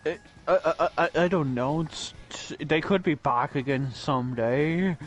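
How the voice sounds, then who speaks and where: A man's voice: a little high, a little slow, faint music behind. A man co-hosting a casual anime review podcast, making dry, laid-back, matter-of-fact remarks. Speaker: podcast co-host.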